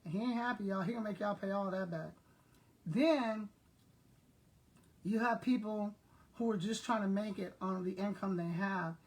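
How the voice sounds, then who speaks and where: A retired school principal from South Texas, an older woman, chats casually and tells everyday stories directly to her viewers. Her medium-pitched voice moves at a normal speed with long pauses.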